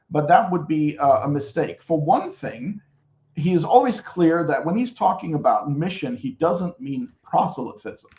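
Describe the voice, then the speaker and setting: A man's voice: a little high, lively intonation, normal speed, a little mellow, roomy sound, highs cut off. A man speaking as a guest on a podcast, explaining at length with many fillers. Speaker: guest commentator. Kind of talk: casual podcast discussion.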